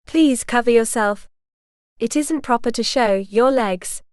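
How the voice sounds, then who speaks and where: Proud nervous young noble bride, a woman reading her, smooth higher voice, dry sound. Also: unhurried, no room sound, natural voice. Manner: proud yet uneasy, often hushed. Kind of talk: audiobook character reading.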